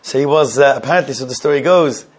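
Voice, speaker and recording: A man giving an informal Torah class, telling stories in a halting, conversational way and laughing now and then. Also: mid-range voice, slightly rough.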